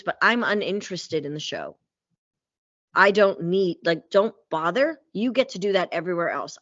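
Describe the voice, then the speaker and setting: Blunt, animated woman coach. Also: on the low side, no room sound, lo-fi sound. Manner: blunt, animated, swears freely. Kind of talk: casual podcast chat.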